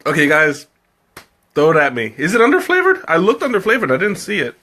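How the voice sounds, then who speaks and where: A man's voice: a little high, wildly swooping pitch, a little fast, pushed and bright. A man hosting a live tea tasting, chatting casually with viewers, laughing often and thinking aloud. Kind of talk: casual live-stream chat, answering viewer comments.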